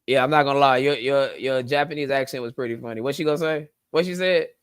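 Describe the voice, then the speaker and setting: A man's voice: mid-range voice, quick pace, clear, resonant tone, no room sound. A man co-hosting a podcast, chatting emphatically and agreeing readily. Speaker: podcast co-host. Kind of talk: casual chat.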